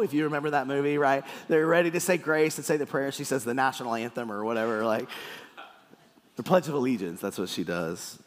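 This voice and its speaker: A man preaching a sermon with playful, animated storytelling in a church hall. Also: mid-range voice, fast talker. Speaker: pastor. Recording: echoey hall.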